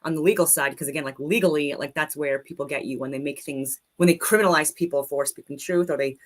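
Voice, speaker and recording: A woman's voice: deep voice, fast talker. A woman delivering an agitated, unscripted rant, swearing heavily and rambling between points. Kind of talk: unscripted ranting monologue.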